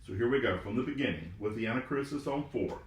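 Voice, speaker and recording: A man's voice: medium pitch, animated, fast talker, roomy sound. A man giving a trombone lesson, patiently explaining and counting beats and naming notes aloud. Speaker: trombone teacher. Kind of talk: step-by-step music lesson.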